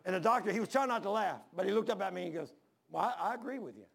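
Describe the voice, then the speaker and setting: A man's voice: sits high, very fast, gravelly. An older man, preaching a sermon and telling stories, acting out the voices in them. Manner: animated, acts out the voices in his stories. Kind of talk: storytelling sermon.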